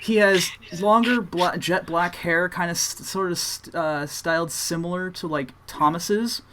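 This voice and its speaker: A man's voice: high voice, unhurried, pushed and bright, slight background noise. A young man narrating a tabletop game as game master, casual and rambling with many fillers.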